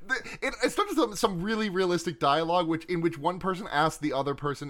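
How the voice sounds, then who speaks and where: A man co-hosting a podcast, retelling a film's scenes in casual, animated, profane chat. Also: fairly high pitch, brisk. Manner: animated, swearing, laughs while retelling scenes. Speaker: podcast co-host. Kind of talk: casual movie review chat.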